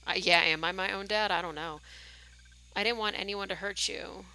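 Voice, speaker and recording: A woman's voice: mid-range voice, steady tone, moderate pace, gravelly, sharp tone. A woman streamer reading a game's story text aloud, with small voice shifts for the dialogue and casual asides. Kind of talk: reading game text aloud with live reactions.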